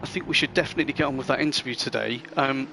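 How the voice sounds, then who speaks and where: Talking rapid-fire with vocal fry, this sim racing streamer has a mid-range voice that's bright and forceful, over a little hiss or hum. His live commentary is chatty and rambling, full of friendly back-and-forth with chat.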